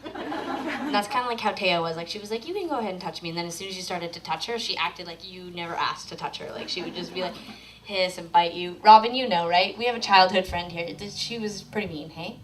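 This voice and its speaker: A woman's voice: on the low side, brisk, echoey room, far from the mic, crowd noise, rough recording. A woman musician chatting casually, telling rambling and playful stories with acted-out quotes. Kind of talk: casual chat and stage banter.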